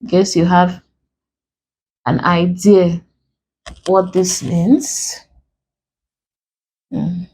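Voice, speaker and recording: A woman's voice: fairly low pitch, level tone, a little mellow, breathy edge, rough recording. A woman with a Nigerian accent teaching an exam-prep lesson, spelling out letters and breaking words into syllables step by step. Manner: slow and deliberate, spelling out letters.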